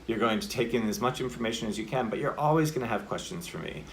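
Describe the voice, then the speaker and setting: A man's voice: mid-range voice, expressive, fast, vocal fry, a little hiss or hum. A man teaching acting in a casual video lesson. He explains in a loose, chatty way full of filler words, and acts out example lines to show each point. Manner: loose, with many "like" and "you know" fillers. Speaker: acting coach.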